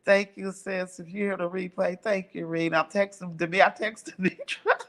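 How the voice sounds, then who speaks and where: A woman's voice: fairly low pitch, moderate pace. Chatty older woman who laughs a lot. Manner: laughs often, animated storytelling with lively quoted voices. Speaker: livestream host. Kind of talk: casual chat with viewers.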